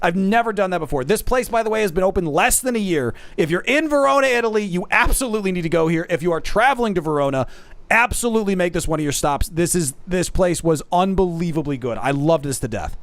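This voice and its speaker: A man's voice: sits high, quick pace, no room sound. A man streaming, chatting casually and self-deprecatingly, calling his viewers folks. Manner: animated, self-deprecating, addresses chat as folks. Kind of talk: casual chat.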